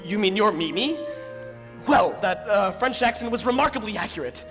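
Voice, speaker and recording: A man's voice: high voice, expressive, moderate pace, music in the background. A man playing an earnest, lovesick young groom in an amateur stage musical, sincere and pleading. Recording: reverberant stage hall.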